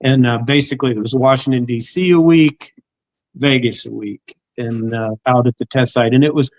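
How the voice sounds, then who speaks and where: A man's voice: mid-range voice, steady tone, moderate pace, darkish tone, dry recording, low-quality recording. A middle-aged man hosting an interview, talking casually with many restarts. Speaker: interview host. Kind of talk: casual conversation.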